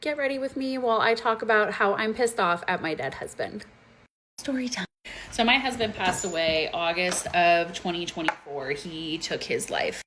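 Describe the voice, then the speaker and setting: A woman telling a personal story in a casual get-ready-with-me video, halting and pausing with fillers. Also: fairly low pitch, fairly bright tone, a little hiss or hum.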